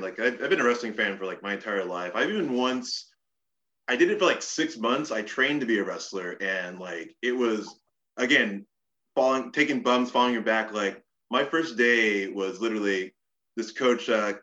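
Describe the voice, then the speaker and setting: A man's voice: medium pitch, sharp tone. A man hosting a podcast interview, speaking as an enthusiastic fan and often restarting his sentences. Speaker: podcast host. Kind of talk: casual interview chat. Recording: dull lo-fi sound.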